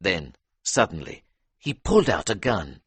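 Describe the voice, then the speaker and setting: Male narrator for a learner's storybook: low, even, dry read. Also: unhurried, husky, dry recording. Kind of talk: storybook reading for English learners.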